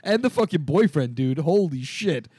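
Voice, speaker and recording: A man co-hosting a podcast, telling stories in an animated, profane way and acting out the quotes. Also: on the high side, moderate pace, slightly rough, no room sound. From California. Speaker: podcast co-host. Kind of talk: casual chat.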